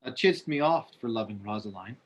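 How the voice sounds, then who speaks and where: A man's voice: lowish voice, animated, brisk. A man reading an eager, impatient young lover. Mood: pleading. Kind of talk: cold read of a stage play. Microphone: video call.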